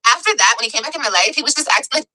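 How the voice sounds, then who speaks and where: A woman's voice: fairly high pitch, expressive, very fast, pushed and bright, poor audio. A woman in a casual chat, telling her story with slang, cursing and laughing asides. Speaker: guest in a played clip.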